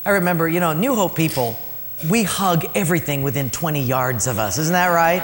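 A man pastor preaching a storytelling sermon, swinging between loud and hushed. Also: on the high side, a little fast, a little hiss or hum. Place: church. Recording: reverberant hall, faint ambience.

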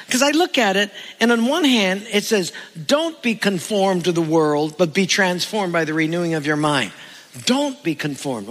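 A man preaching a sermon, animated, asking the congregation rhetorical questions and acting out the voices he quotes. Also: high voice. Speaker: pastor. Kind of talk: sermon with jokes. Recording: reverberant hall.

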